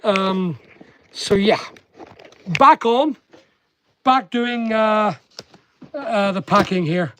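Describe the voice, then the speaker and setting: A man with a high, slightly bright voice and a bit of hiss in the recording chats with viewers while packing orders. He has a blended Northern Irish and English accent and runs an online shop and channel. He teases and jokes with staff nearby in the packing area during a casual live stream.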